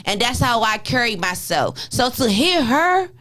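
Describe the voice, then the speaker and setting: Animated woman telling stories on a talk show. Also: fairly high pitch, a little slow. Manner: animated, acts out voices in her stories. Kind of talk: casual storytelling chat.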